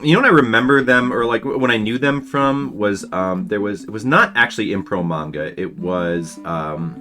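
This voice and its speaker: A man's voice: on the low side, normal speed, sharp tone. A man in his forties chatting casually with his viewers while he draws, rambling through old memories with lots of restarts. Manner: rambling, reminiscing, answering chat with many restarts. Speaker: webcomic artist streaming for patrons. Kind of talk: casual chat while drawing on stream. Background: faint background music.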